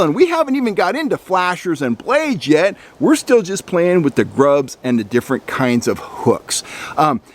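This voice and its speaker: Folksy middle-aged man teaching fishing. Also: on the high side. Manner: folksy, repeats words while thinking. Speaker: fishing channel host. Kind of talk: instructional talk to camera.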